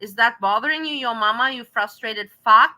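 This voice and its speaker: A woman's voice: a little high, normal speed, pushed and bright, poor audio. A woman on a casual group chat, scolding someone with a string of repeated rhetorical questions.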